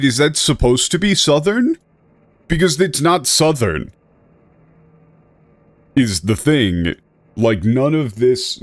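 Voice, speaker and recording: A man's voice: mid-range voice, dry recording. A male streamer giving rambling, self-correcting casual commentary with an exasperated edge.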